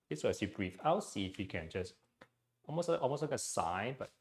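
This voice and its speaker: Low-voiced man guiding a breathing class. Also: big pitch swings, a little fast. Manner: gentle, hesitant, with frequent "okay" and "um". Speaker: breathing exercise instructor. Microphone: personal mic.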